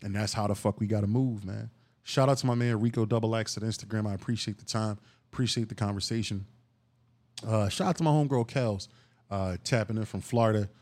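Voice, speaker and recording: A man's voice: lowish voice, steady tone, fairly quick, darkish tone. Man, podcast host, solo monologue, cussing, emphatic, heated bursts. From Philadelphia. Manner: profane, emphatic street talk with rising outbursts.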